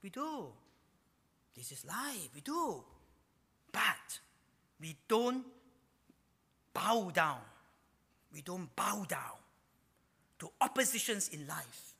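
Lively pastor. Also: male voice, high-pitched, gravelly, slightly rough. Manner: animated, ends phrases with a drawn-out "ah". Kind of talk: sermon. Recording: long reverb of a hall.

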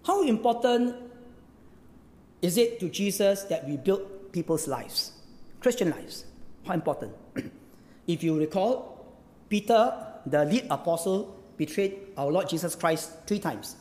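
A male pastor preaches with emphasis, repeating his phrases and pressing the congregation with questions. His voice sits high and swings widely in pitch. It rings with the long reverb of a church hall. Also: animated, unhurried, long pauses, a little mellow. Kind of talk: sermon.

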